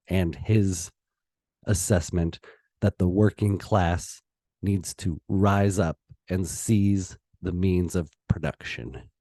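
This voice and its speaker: A low-pitched man delivers a slow, impassioned opinion monologue, pausing and restarting as his feelings rise. His tone is mellow and dark, and the recording is close and dry. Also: no room sound. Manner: impassioned, heated, with pauses and restarts. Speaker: political commentator.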